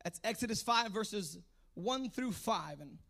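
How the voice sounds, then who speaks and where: A male preacher of Puerto Rican background with a strikingly high, very bright and tense voice. He works the room in fervent call-and-response style, dropping to soft asides before surging into shouted exhortation. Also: expressive, a little slow, creaky.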